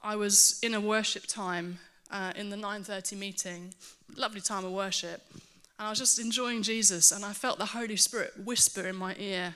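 A woman preaching a sermon to her church, earnest and animated, with self-mocking asides. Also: medium pitch, normal speed, few pauses, clean tone.

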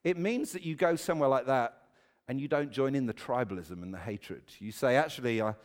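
A pastor preaching a conversational sermon, with humorous, self-deprecating asides. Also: male voice, mid-range voice, fairly quick.

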